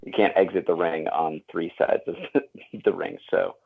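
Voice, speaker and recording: A very low-voiced man explaining things plainly in casual podcast chat. His voice comes through a narrow, tinny, phone-like line. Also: flat delivery, normal speed, gravelly, slightly rough. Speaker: podcast co-host.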